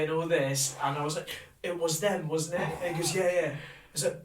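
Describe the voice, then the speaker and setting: A man's voice: on the high side, steady tone, a little fast, hardly any pauses. A man co-hosting a podcast, telling a rambling story in casual chat, swearing and laughing often. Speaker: podcast co-host. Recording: roomy, distant from the mic, faint noise.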